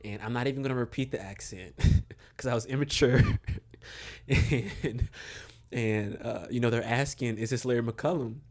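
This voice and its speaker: A young man from Maryland, a guest on a podcast, telling a relaxed story with lots of fillers and chuckles. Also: mid-range voice, a little slow, pauses often. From Maryland, USA. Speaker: podcast guest, basketball coach. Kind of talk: casual storytelling interview.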